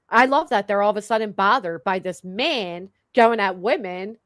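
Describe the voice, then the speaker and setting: A woman's voice: medium pitch, normal speed, a bit bright, dry recording, clean studio sound. A woman hosting a stream, chatting casually in a mocking tone and laughing often. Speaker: stream host. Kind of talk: casual commentary chat.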